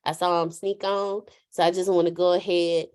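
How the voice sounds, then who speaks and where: A woman hosting a casual faith chat, animated, laughing and telling stories like a preacher. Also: fairly low pitch, moderate pace, smooth. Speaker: host.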